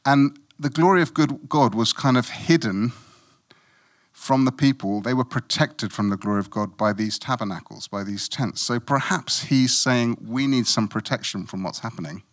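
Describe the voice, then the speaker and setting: A man's voice: medium pitch, normal speed. A middle-aged man from Africa preaching a sermon in a conversational, self-mocking way, with playful asides.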